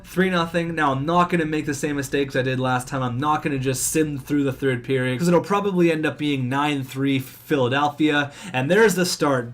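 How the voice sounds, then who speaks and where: Young guy yelling at his hockey game, fast and excitable, kinda high voice. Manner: animated, swings between cheering and groaning; talks fast. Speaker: gaming commentator. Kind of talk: excited let's-play commentary.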